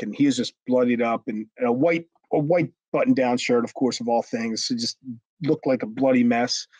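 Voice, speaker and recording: A man's voice: mid-range voice, dry recording, rough recording. Man telling a rowdy backstage story. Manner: animated, acts out quotes with raised voice, frequent restarts and swearing. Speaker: former wrestler telling a story. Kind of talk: casual storytelling interview.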